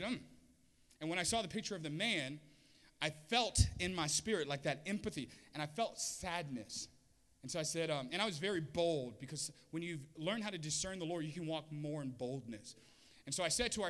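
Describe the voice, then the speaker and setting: A man's voice: a little high, fairly bright tone. A man preaching a sermon as a pastor, telling a story with humor and acting out the voices of the people in it.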